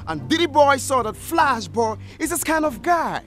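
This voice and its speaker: A man's voice: very high-pitched, sing-song, normal speed, fairly bright tone, faint music behind, heavily acted. An actor playing a flashy young show-off who mixes American slang into his talk in a sitcom. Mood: boastful. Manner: boastful, laughing, mixes American slang into Nigerian English. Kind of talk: sitcom acting.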